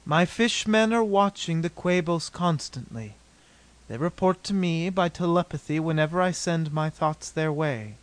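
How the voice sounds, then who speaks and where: A grave woman ruler of a sunken city, speaking in slow, solemn, old-fashioned phrases, as a male narrator puts her on. The voice sits fairly high for a man and is recorded close and dry, with no room sound. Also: dry recording, lightly acted. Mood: calm.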